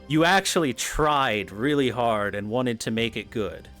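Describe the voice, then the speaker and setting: A man's voice: medium pitch, a bit bright. A man streaming a game, talking in rambling casual commentary, swearing freely and laughing at his own points. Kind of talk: casual commentary while gaming.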